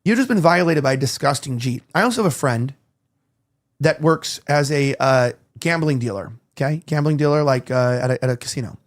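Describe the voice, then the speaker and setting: A man's voice: mid-range voice, fairly quick. A male podcast host in casual chat, rambling as he tells stories and acts out quoted dialogue.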